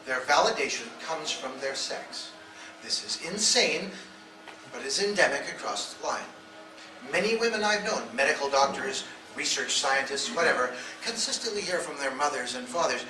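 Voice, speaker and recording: A man's voice: fairly high pitch, expressive, moderate pace, sharp tone, a little hiss or hum. A man giving a blunt, provocative talk to a live audience, telling stories and acting out the voices in them. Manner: storytelling, acts out quoted voices. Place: event hall. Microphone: audience phone camera. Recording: echoey phone recording from far off.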